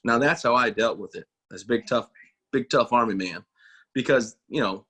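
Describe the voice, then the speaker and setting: With a husky, bright and forceful medium-pitched voice at a moderate pace, a thirtysomething army veteran tells stories as an interview guest. He's a motivational speaker, and his casual telling is folksy and self-deprecating, with quoted voices performed.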